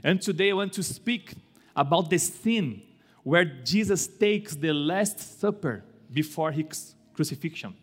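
Male pastor, high voice, unhurried sermon, long echo of a church hall. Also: lively intonation, soft background music. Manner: slow, deliberate delivery with dramatic swings in pitch and loudness.

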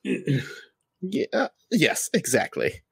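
A man's voice: medium pitch, wildly swooping pitch, extremely slow, vocal fry, fairly bright tone, breathy edge, dry recording, clean studio sound, full character voice. A man voicing a fussy, germ-fearing male medic who talks in a prim, squeamish way. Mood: prissy.

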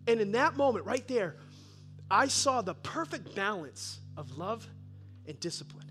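A man in his fifties, a pastor telling a lively sermon story with excited bursts and laughs. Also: sits high, a little slow, over music. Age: 50s. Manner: animated, bursts of excited laughter and loud peaks. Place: church.

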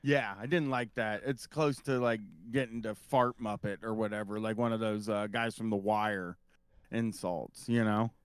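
A man's voice: fairly low pitch, steady tone, normal speed, smooth, dry recording, studio quality. Laid-back man chiming in on a podcast. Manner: brief agreeing interjections, laughs along. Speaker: podcast co-host. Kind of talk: casual chat.

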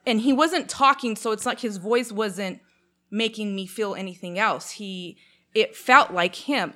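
Chatty woman telling a story. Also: mid-range voice. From Canada. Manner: animated, many fillers, acts out quotes. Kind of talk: casual storytelling chat.

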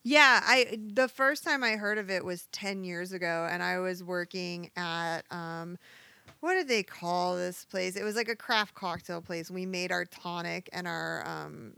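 Woman in her thirties, bartender, gravelly low voice, dry close sound, blunt and profane. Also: unhurried, pushed and bright, dry recording. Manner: candid, profane storytelling. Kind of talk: casual podcast chat.

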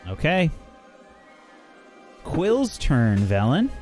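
A man runs a tabletop game as game master, narrating scenes and calling on players by turn. His pitch moves a lot as he talks, and faint music plays behind him. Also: extremely slow. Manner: describing scenes and calling turns, with lively pitch and frequent fillers.

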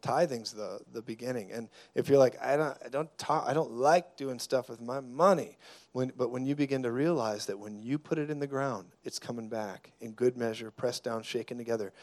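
A man preaching a sermon as a guest preacher, declaring loudly at times and then dropping to a hushed, intense tone, with jokes along the way. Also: mid-range voice, normal speed. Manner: jokey, laughs mid-sentence.

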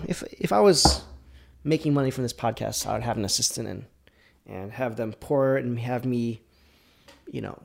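A man with a gravelly, creaky voice hosts his own podcast and talks casually through a whiskey tasting. He rambles, corrects himself mid-sentence and slips into quiet, muttered asides between louder lines. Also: medium pitch. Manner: drops to near-whispers between louder bursts. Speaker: podcast host.

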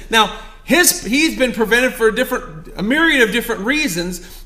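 High-voiced preacher, quiet to loud. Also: male voice, big pitch swings, moderate pace. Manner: conversational, swings from quiet storytelling to loud exhortation. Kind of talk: sermon.

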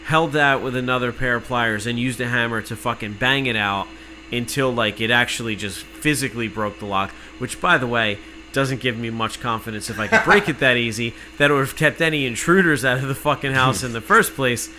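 A man telling an exasperated, profane story in casual podcast chat, cursing freely and working himself up to shouting. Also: medium pitch, fairly quick, slight background noise, rough recording.

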